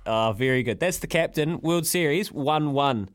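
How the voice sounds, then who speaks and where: A man's voice: fairly high pitch, lively intonation, normal speed, no room sound, studio quality. A man hosting a casual radio chat, jokey and laughing often. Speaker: radio host.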